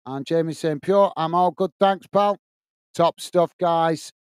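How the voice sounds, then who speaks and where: In unhurried, clean tones with no echo and studio-grade sound, a fairly high-voiced man from England hosts a live football watchalong. Chatty throughout, he commentates on the match and reads out comments from viewers.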